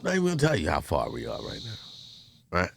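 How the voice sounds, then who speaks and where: A man's voice: low voice, wildly swooping pitch, fairly quick, gravelly, fairly bright tone, slightly rough, no room sound, studio quality. A man hosting a podcast, teasing his guest in casual comedic banter, loose and profane. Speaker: podcast host.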